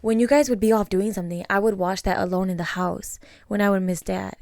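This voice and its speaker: Young woman, podcast co-host, soft reflective chat, mid pitch, dry close mic. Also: fairly even intonation, a little fast, gravelly, no echo. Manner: soft-spoken, reflective, lots of fillers. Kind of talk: casual conversation.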